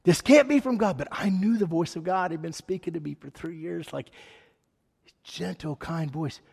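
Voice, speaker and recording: A man with a fairly high pitch speaks at a normal speed, his voice creaky, husky, and a little mellow. He gives a sermon that is an earnest, rambling personal testimony, peppered with fillers, recorded with echoey hall reverb.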